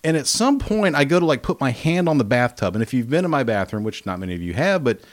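A man hosting a livestream from home, telling a rambling story with animated, acted-out quotes in casual chat. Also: medium pitch, fast. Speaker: livestream host. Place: home, spare bathroom.

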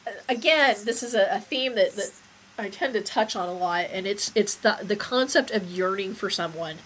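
A woman's voice: mid-range voice, expressive, moderate pace, fairly bright tone, a little hiss or hum, poor audio. A woman co-hosting a casual podcast, reflective and often trailing off and restarting her thoughts. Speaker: podcast co-host. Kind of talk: casual chat.

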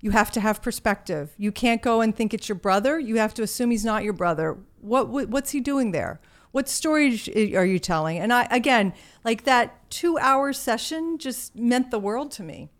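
A woman guest and author in a casual interview, telling her stories in an animated way and acting out the quotes. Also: a little high, normal speed. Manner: animated storyteller, acts out quotes.

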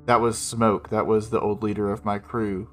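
Low-voiced man playing a tabletop game. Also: level tone, moderate pace, fairly bright tone. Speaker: player. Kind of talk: casual tabletop play. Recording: faint music behind.

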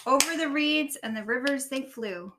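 A young mother co-hosting a home reading podcast, reading a picture book aloud in turns with her child and gently prompting him. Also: high-pitched, moderate pace, noisy background. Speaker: co-host and mother.

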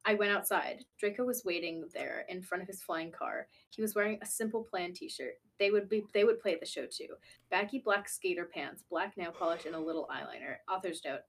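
Young woman reading fanfic in a chill deadpan way, mid pitched, tossing in quick comments. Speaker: podcast co-host. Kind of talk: casual chat and reading fanfiction aloud.

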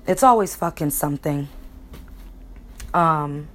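A woman's voice: deep voice, takes it slowly, background noise. A young woman from Connecticut telling a personal story in a casual, rambling way, candid and emotional, swearing freely. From Connecticut, USA. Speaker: vlogger.

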